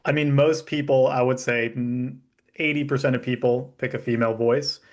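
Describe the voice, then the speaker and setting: Male podcast guest, mid pitch, easygoing and explanatory. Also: normal speed. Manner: relaxed, explanatory, laughs easily. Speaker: guest, company founder. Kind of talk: casual interview chat.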